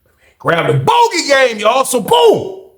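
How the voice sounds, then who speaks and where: A man's voice: very high-pitched, huge pitch swings, fairly bright tone, reverberant. A man telling a story in casual, slangy street talk, full of asides to his listeners. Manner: slangy, drawn-out street talk with lots of fillers.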